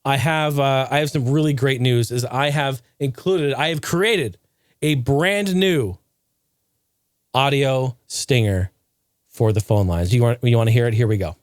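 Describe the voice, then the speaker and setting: A man hosting a casual podcast, talking in an animated, emphatic way. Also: mid-range voice, unhurried, no echo, studio quality. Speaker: podcast host.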